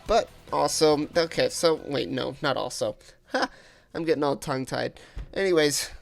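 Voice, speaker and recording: A man hosting a casual gaming video, rambling excitedly through his ideas with lots of filler words. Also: a little high, normal speed, creaky, soft background music. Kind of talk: casual gaming predictions vlog.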